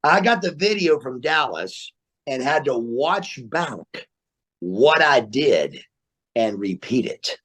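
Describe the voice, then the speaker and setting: A man guesting on a podcast, telling stories in an animated way, repeating words and laughing as he goes. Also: medium pitch, slow pace, slightly rough. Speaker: guest, former wrestler. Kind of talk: storytelling interview. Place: remote interview, podcast.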